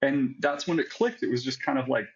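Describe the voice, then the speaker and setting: A man's voice: medium pitch, a little fast, vocal fry, muffled recording. A man telling his own story as an interview guest, candid and reflective, often adding "like" and "right?". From United States. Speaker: guest, psychiatric pharmacist.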